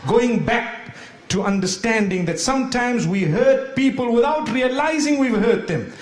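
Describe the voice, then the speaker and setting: A man's voice: very high-pitched, animated, unhurried, roomy sound. A man preaching a sermon, telling humorous stories and asking rhetorical questions.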